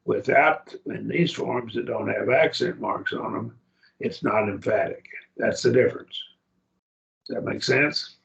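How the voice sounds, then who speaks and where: A man's voice: mid-range voice, measured pace, gravelly, a bit bright, lo-fi sound. A man teaching a Greek grammar class, explaining patiently and often checking that students follow.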